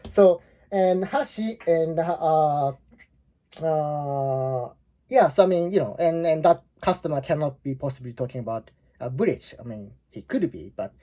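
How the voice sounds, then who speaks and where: With a fairly high pitch and dark tone, a Japanese-accented man in his forties gives a casual explanatory language lesson. He rambles loosely, using many fillers and restarts.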